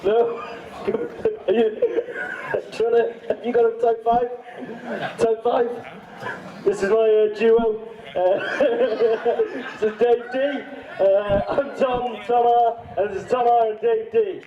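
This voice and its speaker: A man with a Wrexham Welsh accent doing awkward, deadpan stand-up banter on stage. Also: very high-pitched, slow. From Wales. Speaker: stand-up comedian. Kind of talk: live stand-up comedy. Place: live comedy stage at a university campus event. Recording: distant, dull, echoey room sound.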